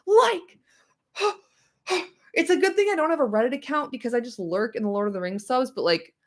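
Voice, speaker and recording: Animated, profane woman ranting on stream. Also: fairly high pitch, quick pace. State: slightly hoarse. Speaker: streamer discussing a book chapter. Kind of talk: casual livestream chat.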